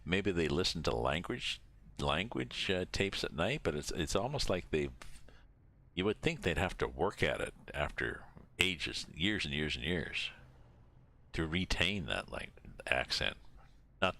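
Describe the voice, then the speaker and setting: A very low, gravelly older man from Canada talks casually while he plays a driving game on stream. He rambles and thinks out loud in an easygoing way, and his voice has a bright, forward edge. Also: a little hiss or hum. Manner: rambling, chatty, thinking aloud. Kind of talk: casual chat while playing.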